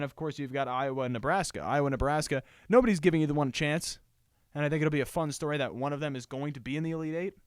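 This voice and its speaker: Sports show guy talking solo, kinda high voice, punchy and repeats himself, dead dry mic. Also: no room sound. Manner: emphatic, repeats points for stress.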